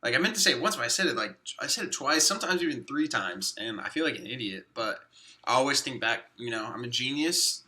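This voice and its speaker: A young man co-hosts a podcast in an easygoing way. His voice is mid-pitched and very bright. He talks loosely and fills his sentences with "like". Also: animated, fast talker. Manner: easygoing, agreeable, says "like" a lot. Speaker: podcast co-host. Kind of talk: casual chat.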